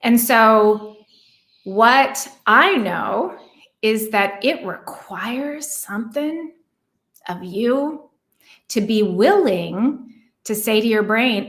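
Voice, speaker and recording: A woman giving a relationship coaching talk, earnest and reflective, who asks many rhetorical questions and slows down to stress words. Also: fairly high pitch, lively intonation, a bit bright. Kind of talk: coaching monologue.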